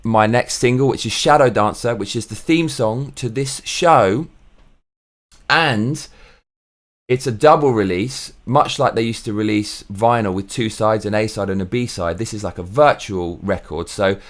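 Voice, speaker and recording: English guy ranting on his vlog, lots of swearing, lowish voice. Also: unhurried. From England. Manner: profane, ranting. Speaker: show host. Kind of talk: casual vlog monologue.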